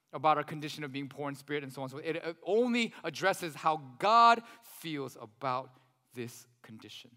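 A man in his thirties preaching a sermon as pastor, animated, with joking asides to the congregation. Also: fairly high pitch. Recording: reverberant hall.

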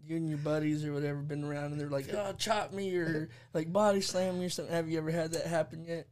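A man's voice: a little high, fairly even intonation, fast talker, darkish tone. A man co-hosting a casual interview chat, curiously asking follow-up questions. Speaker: podcast co-host.

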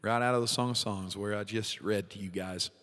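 Male devotional host, low-pitched, casual heartfelt delivery, echoey room. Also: brisk. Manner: casual, heartfelt, expressive, laughs often. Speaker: podcast host, worship leader. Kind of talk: devotional teaching talk.

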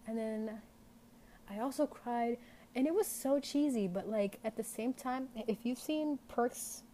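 With a fairly high but dark-toned voice, a young podcast host talks at a measured pace on her unscripted show. She's candid and rambling, filling her speech with plenty of "like." Slight background noise can be heard.

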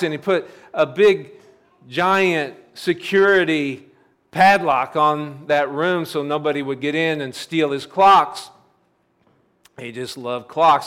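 A man's voice: fairly high pitch, a bit bright. Man telling a sermon story. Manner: repetitive, plain storytelling cadence. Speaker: pastor.

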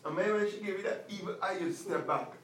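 A male pastor preaching a sermon, emphatic, repeating commands and slowing down to stress them. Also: sits high, a bit bright, echoey room, recorded from a distance, slight background noise, rough recording.

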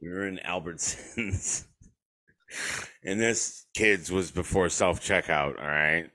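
A man with a very low voice tells a story on his podcast in a loose, casual chat. He swears freely, laughs often, and acts out the voices of the people he quotes. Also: slow pace, bright, forceful tone. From western New York. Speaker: podcast host. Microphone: remote call.

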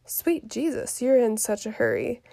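A grumbling old nursemaid who drags out her news, as a woman reads her from a play. The voice is gravelly with fry and a dark, mellow tone, pitched a little high, read in a quiet, low-key way. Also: wildly swooping pitch, measured pace, exaggerated voice. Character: fussy complaining old nursemaid. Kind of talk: reading a play aloud.

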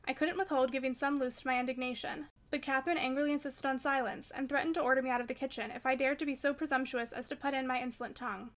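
A woman narrating a classic novel in an audiobook, in a measured, expressive storytelling manner. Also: high-pitched.

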